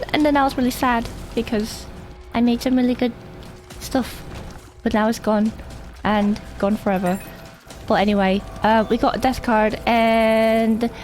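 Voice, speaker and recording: Brief: female streamer, fairly high voice, chatty and rambling over a game, faint game music under her. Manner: rambling, animated, swears casually. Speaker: gameplay streamer. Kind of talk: casual gameplay commentary.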